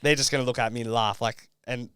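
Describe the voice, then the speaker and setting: A man's voice: mid-range voice, fairly even intonation, fast, fairly bright tone, smooth, dry recording, clean studio sound. A young Australian man and reality show contestant, telling his story in a casual podcast interview, rambling with lots of fillers.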